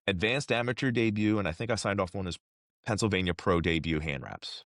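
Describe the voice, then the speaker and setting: A man in his thirties, a combat sports inspector, telling stories in a casual interview with slangy, animated talk and frequent restarts. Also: on the low side, a little fast, no echo, clean studio sound.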